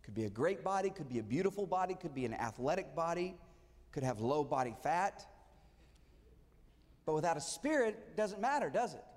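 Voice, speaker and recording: A man's voice: high-pitched, very animated, quick pace, few pauses, long reverb tail. A male pastor giving a conversational sermon, asking his listeners rhetorical questions.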